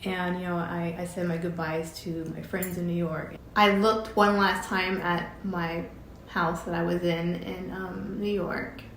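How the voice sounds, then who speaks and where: A middle-aged woman telling a personal story, halting and emotional, with many fillers and restarts. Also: on the low side, little pitch movement, a bit bright, roomy sound, a little hiss or hum. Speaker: vlogger telling her story.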